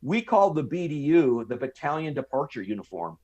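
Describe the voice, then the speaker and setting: A man's voice: a little high, very animated, brisk, a little mellow, highs cut off. An American man in his fifties, a podcast guest telling a long story in casual talk, acting out the voices of people he quotes. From United States. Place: podcast studio.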